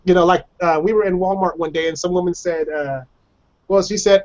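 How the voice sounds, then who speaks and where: Chatty high-voiced man on a lo-fi call. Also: fairly even intonation, brisk, a little mellow. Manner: chatty, laughs often, acts out voices of others. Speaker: guest telling personal stories. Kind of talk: casual storytelling on a video call show. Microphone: video call microphone.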